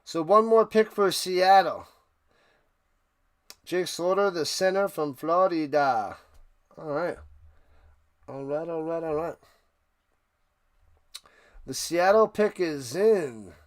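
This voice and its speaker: A man hosting a live stream, giving casual play-by-play commentary that bursts into excited shouted calls. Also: a little high, takes it slowly, pauses often.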